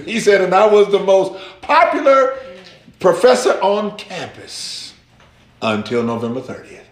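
A high-pitched man preaches without hurry in a reverberant room, using a story as a sermon illustration. He tells it in an animated way, imitating the voices of the people involved.

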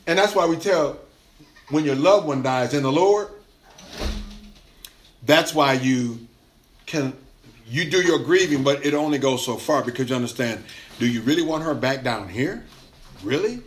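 A man's voice: medium pitch, a little slow, pauses often, slight background noise. A male pastor preaching a sermon in a loose, conversational way. He laughs often and keeps restarting his phrases. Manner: animated, laughing colloquial preaching with many restarts.

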